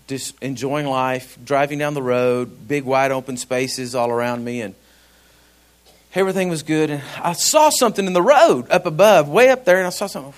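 Animated pastor, high lively voice. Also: male voice. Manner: animated, laughing storyteller, shouting at peaks. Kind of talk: sermon with personal storytelling.

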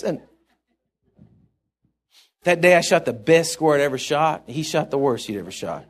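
A man's voice: a little high, expressive, normal speed, pauses often, husky. A middle-aged male pastor preaching a sermon, telling stories in a rambling, chuckling way with many restarts.

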